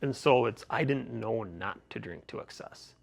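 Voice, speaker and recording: Gravelly-voiced man telling stories. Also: mid-range voice, animated, moderate pace. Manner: rambling, frequent restarts and laughs. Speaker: podcast host, guest. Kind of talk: casual interview storytelling.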